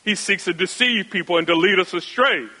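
A man preaching an expository sermon, asking rhetorical questions and repeating phrases for emphasis, swinging between raised and hushed delivery. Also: sits high, fairly quick, poor audio. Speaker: pastor.

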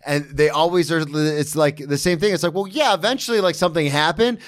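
A man hosting a podcast, with a fairly high pitch. He chats loosely and often affirms his guest between stories. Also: fairly quick. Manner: loose, filler-heavy, affirming interjections. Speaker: podcast host. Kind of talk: casual chat.

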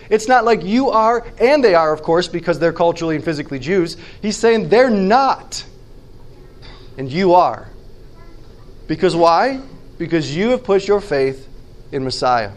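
A man preaching a sermon as pastor, conversational and emphatic, slowing down to stress key phrases and asking the listeners questions. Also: high-pitched.

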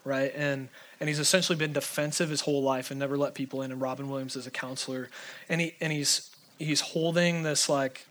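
A man delivers a sermon casually and conversationally, packed with fillers, swinging between urgent pleading and hushed intensity. His mid-range voice is flat in delivery and fairly quick.

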